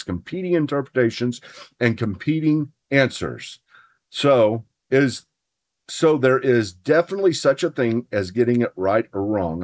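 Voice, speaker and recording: A man hosting a podcast, talking theology in a casual, earnest way with his spouse and building to emphatic points. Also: on the low side. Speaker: podcast host. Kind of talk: casual theology chat, partly read from notes.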